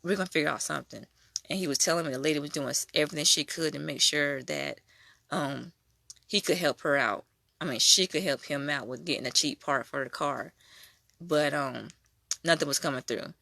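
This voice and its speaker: A young adult woman tells her faith testimony in a casual, animated way, slipping into other people's voices as she goes. Her voice is bright and edged with vocal fry. The recording is dry and close, with little room sound. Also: sits low, normal speed, no echo. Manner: animated storytelling, acting out quoted voices.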